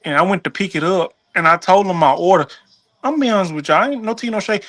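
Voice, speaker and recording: A woman on a live stream, casually telling a long animated story in colloquial slang and laughing as she goes. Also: on the low side, quick pace.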